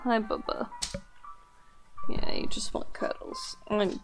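A woman's voice: slow, over music. A woman streaming live as she draws, chatting casually and cooing to her pets. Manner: chatty, coos and baby-talks to her pets. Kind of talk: casual chat while drawing.

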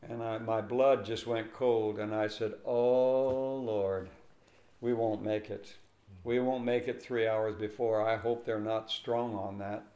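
Older pastor telling a lively story. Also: male voice, on the low side, slow pace. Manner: animated storyteller acting out dialogue. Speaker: pastor and interview guest. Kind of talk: storytelling in an interview. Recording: echoey room.

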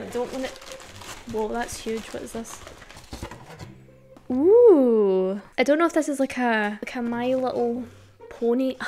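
A young Scottish woman chatting in a casual unboxing vlog, excitable, gushing and rambling as she talks. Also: on the high side, slight background noise. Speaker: YouTuber.

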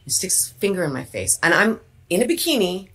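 A woman telling an animated personal anecdote as a guest, acting out the moments as she goes. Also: lowish voice, a little fast, breathy edge. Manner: vivid anecdote telling with acted-out quotes. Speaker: actress guest. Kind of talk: animated storytelling.

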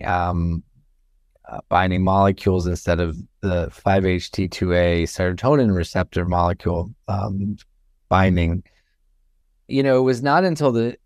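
Low, smooth-voiced man explaining calmly. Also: no room sound, studio quality. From Florida. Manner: thoughtful, measured, many fillers. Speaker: guest, chemistry professor. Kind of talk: casual interview talk.

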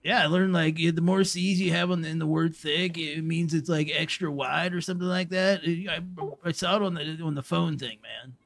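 A man voicing a dim-witted young bro character in a roleplay game, rambling and halting, calling everyone bro and man. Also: fairly high pitch, fairly even intonation, gravelly, a bit bright. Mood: dopey rambling. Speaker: roleplay streamer.

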